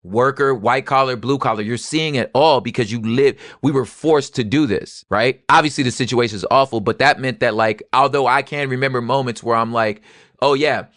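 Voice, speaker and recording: A young adult man gives animated, casual history commentary. His talk jumps from low murmured asides to loud, heated bursts. The recording is dry and close, with no room sound. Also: normal speed, no room sound. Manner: animated, swings from quiet asides to loud street-talk outbursts. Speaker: podcast co-host.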